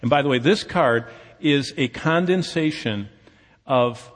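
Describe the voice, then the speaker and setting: A man preaches a sermon in a conversational, storytelling way, acting out the dialogue of the people in his stories. His voice sits at an ordinary middle pitch and carries the long reverb of a large hall. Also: unhurried. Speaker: pastor.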